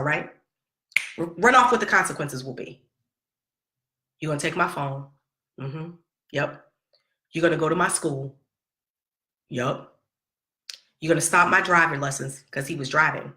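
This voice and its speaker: In an echoey room, a middle-aged woman with a fairly low, bright voice and a forceful tone vents to her viewers about her son. A vlogger and mother, she talks straight to the camera in a casual storytelling vlog, emphatic and sassy, repeating herself for effect.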